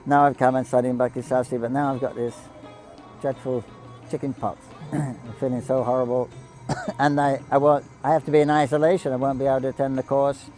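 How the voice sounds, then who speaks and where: A man with a dark, mellow voice tells devotional stories at an even pitch. He talks in a halting, anecdotal way, often quoting the people he describes, with faint music underneath. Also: low-quality recording. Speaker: devotee storyteller on a pilgrimage broadcast. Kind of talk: devotional storytelling talk.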